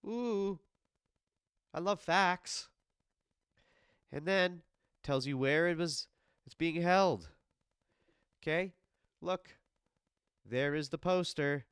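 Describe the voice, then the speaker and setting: A man's voice: a little high, slow, pauses often, clean tone, no echo, clean studio sound. A man hosting a podcast alone, sick and congested, ranting loosely with lots of swearing and talking straight to a fighter. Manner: animated, profane, talks straight to the absent fighter. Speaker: podcast host. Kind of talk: casual solo podcast rant. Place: home basement studio.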